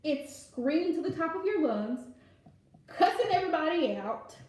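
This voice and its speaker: A chatty woman with a high voice gives frank, casual advice on a live stream and laughs easily. Her voice bounces around a very echoey room. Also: very animated, moderate pace, darkish tone. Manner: chatty, direct, laughs often, calls viewers pet names. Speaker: live tarot reader answering viewer questions.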